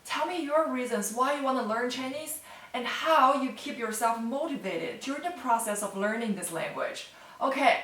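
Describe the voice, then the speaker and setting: A woman's voice: a little high, animated, normal speed, a bit bright, far from the mic. A woman teaching a casual online language lesson, friendly and chatty, often checking in with "okay?" and "right?". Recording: roomy, voice set back from the mic.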